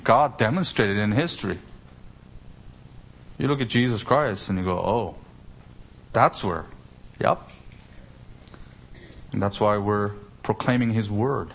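A man's voice: lowish voice, measured pace, creaky, pauses often. A man preaching an expository sermon, stressing key words with sudden lifts and asking rhetorical questions. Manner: explains Greek grammar with rhetorical questions. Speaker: pastor.

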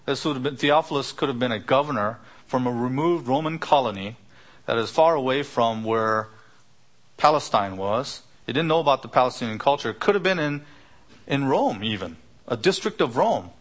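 A middle-aged man delivers an expository sermon at a mid-range pitch. He teaches patiently, unpacking Greek word roots and checking in with rhetorical questions. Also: lively intonation, moderate pace. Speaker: preacher.

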